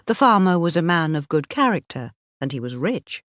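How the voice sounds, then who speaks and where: A woman narrating an audiobook for English learners, reading slowly, clearly and expressively. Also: fairly low pitch, sing-song, no room sound, clean studio sound.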